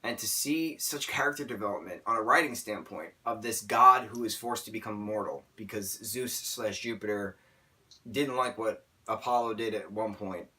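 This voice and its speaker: A young man reviewing a book in a casual vlog, rambling and excitable, often stammering and restarting. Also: fairly low pitch, normal speed, far from the mic.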